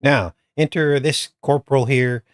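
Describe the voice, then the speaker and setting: A man's voice: mid-range voice, steady tone, a little slow, noisy background. A male host giving chatty, conspiratorial commentary over a film.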